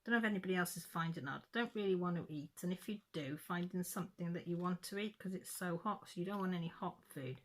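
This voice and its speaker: A woman's voice: fairly low pitch, fast talker, hardly any pauses. A middle-aged woman, chatting casually in a vlog and telling a story in a rambling way with frequent self-corrections. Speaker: craft vlogger.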